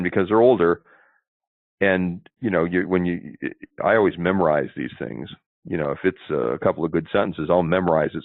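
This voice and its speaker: A man's voice: sits low, dry recording. A man giving sales advice in an interview, chatty and explanatory, often checking in with "see?". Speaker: sales trainer, interview guest. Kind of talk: instructive interview talk. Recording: tinny phone line.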